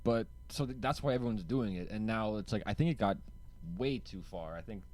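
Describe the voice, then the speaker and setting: A man's voice: lowish voice, lively intonation, a little fast, a little mellow. A young man co-hosting a podcast in casual, joking chat, laughing often and swearing freely. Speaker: podcast co-host.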